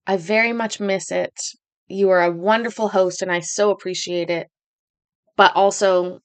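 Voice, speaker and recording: Casting rambling, self-deprecating woman livestream host, mid-pitched, talking casually from home. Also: steady tone, moderate pace.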